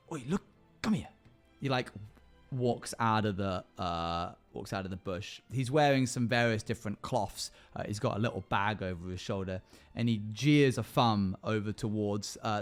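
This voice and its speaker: A man's voice: lowish voice, smooth. A man streaming live, casually narrating a choose-your-path adventure for his chat with lots of fillers and restarts. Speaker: streamer running an interactive adventure.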